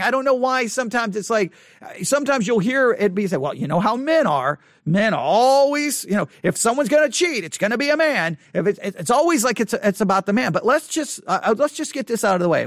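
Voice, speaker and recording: A high-pitched man teaches a Bible study with a very lively, swooping delivery. He presses his points by repeating them and speaks straight to his listeners, sometimes slipping into quoted voices. The sound is close and dry. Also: no room sound. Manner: emphatic, repeats points, talks to listeners directly; acts out imagined voices in quotes.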